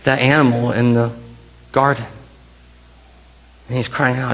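A man preaching a sermon as pastor, swinging between hushed intensity and rising passion. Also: medium pitch, little pitch movement, normal speed, gravelly, muffled recording.

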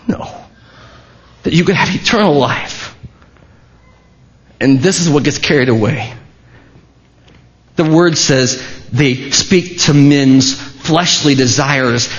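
A man preaching a sermon as a pastor, in a conversational way with restarts and asides. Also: fairly high pitch. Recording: dull, lo-fi sermon recording.

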